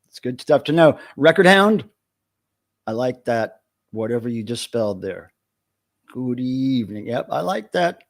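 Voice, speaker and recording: Host, middle-aged man, casual and jokey, reads out names from the chat. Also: medium pitch. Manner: jokey, greets chat viewers by name. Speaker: livestream host.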